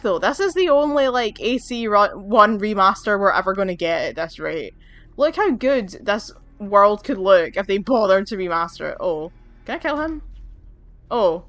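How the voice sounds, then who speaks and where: A woman's voice: mid-range voice, no echo. Chatty woman swearing through gameplay. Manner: chatty, swears freely, excitable. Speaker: let's play gamer. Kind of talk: casual gameplay commentary.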